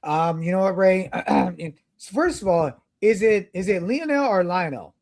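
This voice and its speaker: A man with a notably high voice co-hosts a casual sports talk show. He rambles through his takes and leans on sports references. The recording is close and dry. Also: a little slow, a little mellow, no room sound. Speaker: podcast co-host.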